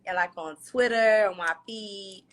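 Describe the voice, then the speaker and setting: A woman's voice: medium pitch, measured pace, a bit bright. Woman in candid casual chat. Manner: candid and loose, with slangy fillers. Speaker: reality show star being interviewed. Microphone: phone livestream.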